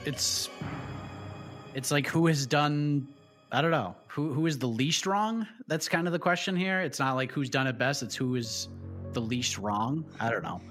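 A man's voice: mid-range voice, a little slow, a bit bright, faint music behind. A man hosting a panel show, putting questions to guests in a playful quizmaster way. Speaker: host. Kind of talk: game-style panel hosting.

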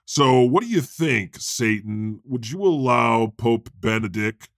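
A man's voice: mid-range voice, lively intonation, takes it slowly, hardly any pauses, no echo, clean studio sound. A man riffing as God on an improvised comedy podcast, rambling and jokey, often laughing. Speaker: podcast host playing God.

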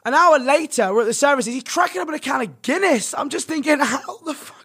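A young man with a notably high-pitched voice, chatting on a podcast. He rambles through his stories with lots of fillers and restarts, always animated and conversational. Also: fast talker. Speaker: podcast guest, streamer. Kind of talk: casual storytelling chat.

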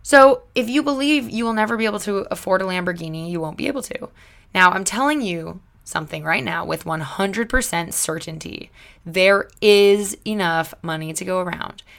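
Young woman, self-help vlogger, gravelly vocal fry, chatty and emphatic, motivational talk. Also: mid-range voice, moderate pace, a bit bright. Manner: chatty and emphatic, many "like" fillers.

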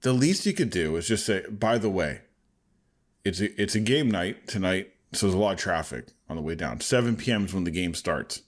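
A man's voice: low-pitched, lively intonation, a little fast. A man in his thirties, a podcast co-host, telling a story in casual chat and laughing often.

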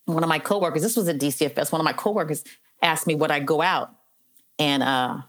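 Low-voiced earnest middle-aged woman. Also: fast. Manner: earnest, heartfelt, many "you know" fillers. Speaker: interview guest, probation officer. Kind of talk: conversational storytelling interview.

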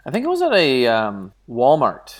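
A man's voice: medium pitch, wildly swooping pitch, normal speed. A man co-hosting a casual podcast, telling stories in a playful way. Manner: playful storyteller. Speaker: podcast co-host.

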